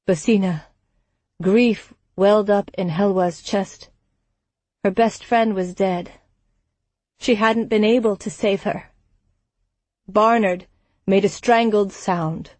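Slow, measured woman narrator. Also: medium pitch, fairly even intonation, darkish tone, no room sound. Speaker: audiobook narrator. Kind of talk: scripted narration.

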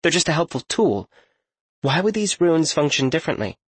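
Voiced by a male audiobook reader, this is a careful, analytical young woman scholar, her voice lifted a little in pitch. The tone stays husky and the recording is dry and close. She thinks out loud in measured, precise sentences. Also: sing-song, no room sound. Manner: careful, reasoning aloud. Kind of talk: audiobook character voice.

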